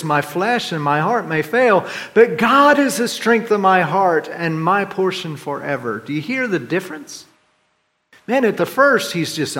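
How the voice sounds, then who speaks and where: A man preaching a sermon, swinging between loud, high complaints and quiet, low reflection as he voices the psalmist. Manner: dramatic swings in pitch and volume, voicing the psalmist's complaints. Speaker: pastor.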